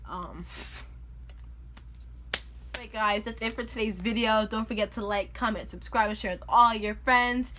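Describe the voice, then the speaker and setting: Young woman, vlogger, bright tone, animated and chatty, casual storytelling. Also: medium pitch, a little slow, pauses often, a little hiss or hum. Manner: animated, chatty, filler-heavy with lots of "like".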